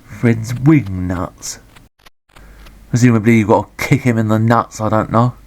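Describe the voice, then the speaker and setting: A man giving sweary, deadpan, sarcastic commentary on a retro game. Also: fairly low pitch, unhurried.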